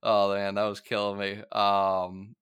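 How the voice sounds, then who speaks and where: A young man with a fairly low, smooth and resonant voice, chatting loosely about a TV episode. He rambles and laughs often, with plenty of fillers. The sound is close and dry. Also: monotone, unhurried, fairly bright tone, dry recording. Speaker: podcast co-host. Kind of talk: casual TV recap chat.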